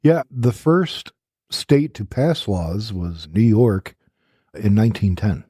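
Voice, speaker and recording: This podcast co-host speaks slowly in a lowish, mellow voice with a breathy edge and big pitch swings, recorded in a studio with no room sound. He banters casually, joking and reading out trivia in playful voices.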